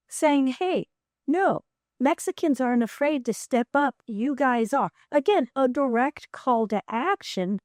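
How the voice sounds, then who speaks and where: A woman hosting a show, giving measured, explanatory commentary between clips. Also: high-pitched, darkish tone, no echo, studio quality. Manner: measured, explanatory, guides the viewer.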